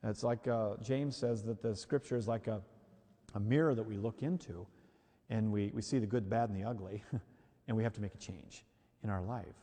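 A man's voice: lowish voice, moderate pace, warm tone. A man preaching a sermon who acts out the reactions he quotes. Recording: hall reverb.

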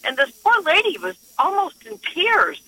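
A woman's voice: very high-pitched, normal speed, no echo, rough recording. A woman calling in to a radio show, telling a story earnestly and acting out the quotes. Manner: earnest, animated retelling with acted quotes. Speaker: caller. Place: her workplace office.

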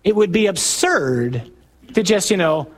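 A middle-aged priest with a slightly high, husky voice gives a talk to his parishioners. He speaks conversationally and throws questions at the room, then pushes into loud, emphatic bursts on his main points. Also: lively intonation, a little slow. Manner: conversational, asks the audience questions. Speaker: Catholic priest. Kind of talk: talk to a parish men's group.

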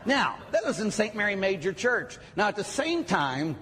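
Lively joking priest in a reverberant hall. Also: male voice, sits high, normal speed. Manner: lively, joking storyteller with acted asides. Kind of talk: sermon talk. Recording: long hall reverb, faint ambience.

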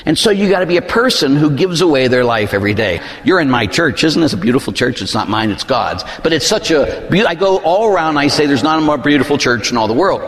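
A man preaching a sermon as a pastor, acting out voices in his stories and dropping low and intense for emphasis. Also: expressive, quick pace, hardly any pauses. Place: church. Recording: church hall reverb.

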